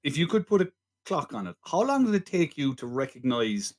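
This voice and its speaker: A man co-hosts a casual film podcast, chiming in and teasing his partner. His voice sits a little higher than most men's. He keeps a loose, conversational tone. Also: big pitch swings, a little fast. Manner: laughs along, interjects, teasing. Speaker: podcast co-host. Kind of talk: casual film review chat.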